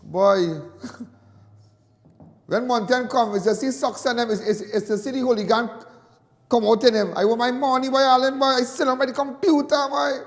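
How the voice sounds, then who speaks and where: Trinidadian male caller, very high voice, heated and repetitive, with a long echoing reverb. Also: fairly even intonation, normal speed. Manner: impassioned, repetitive, indignant. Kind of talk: call-in talk radio rant.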